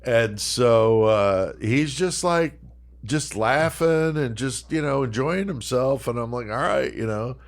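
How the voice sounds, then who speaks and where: A man's voice: mid-range voice, animated, slow. A man on a podcast telling a long, profane, laughing anecdote and acting out the quotes. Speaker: podcast co-host. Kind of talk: casual storytelling.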